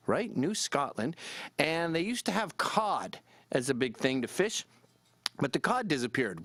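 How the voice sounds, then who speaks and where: A man's voice: a little high, no room sound. Rambling, irreverent man. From Canada. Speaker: vlogger. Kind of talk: casual commentary to camera.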